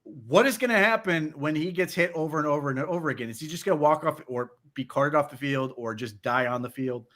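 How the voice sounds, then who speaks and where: A man in loose, casual sports chat, co-hosting a football podcast. His voice sits somewhat high for a man, and he keeps stumbling over restarts as his disbelief builds. The talk is animated and full of exasperated questions. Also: a little fast, hardly any pauses. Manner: animated, incredulous, stammering restarts.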